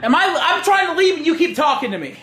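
A man's voice: very high-pitched, sing-song, fast, pushed and bright. A man, the son filming his father, arguing back in an exasperated, half-laughing way. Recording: echoey room.

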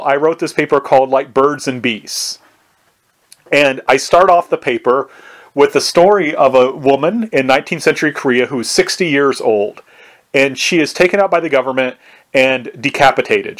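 A man giving a conversational recorded history lecture, often asking "right?" and restarting his sentences. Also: a little high. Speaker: history professor.

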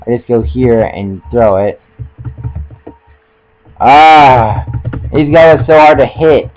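A man's voice: medium pitch, slow, long pauses, darkish tone, faint music behind, poor audio. A young man giving casual, joking commentary while playing a video game, often stumbling over his words and poking fun at himself. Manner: joking, self-mocking, trips over words. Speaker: let's play gamer.

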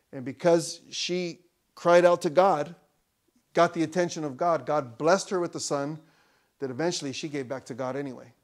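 Preaching a sermon in church, this male pastor keeps a conversational tone, breaking into loud, emphatic peaks and tossing in joking asides. His voice sits a little high.

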